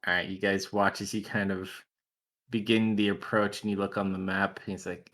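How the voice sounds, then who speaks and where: A man narrates as game master of a tabletop game, relaxed and full of "like" and "um". His voice sits low but has a bright, pushing edge to it. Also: normal speed. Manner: loose, filler-heavy narration.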